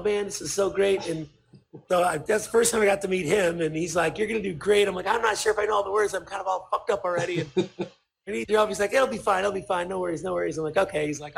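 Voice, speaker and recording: A man appears as a podcast guest telling a story in casual conversation, animated and swearing as he acts out what people said. His voice sits high and creaky, and he talks fast.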